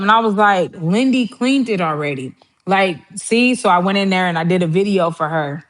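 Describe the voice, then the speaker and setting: The speaker is a woman with a fairly low, animated voice at normal speed. She hosts a relaxed cooking livestream, full of chatty family stories, frequent laughter, and mimicry of her relatives.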